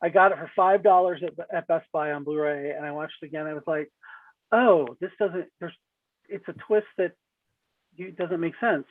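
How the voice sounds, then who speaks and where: A man speaking as a guest on a movie podcast, talking bluntly with jokes and halting restarts. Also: on the high side, no echo. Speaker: guest film reviewer. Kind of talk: casual podcast chat. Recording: tinny phone-like line.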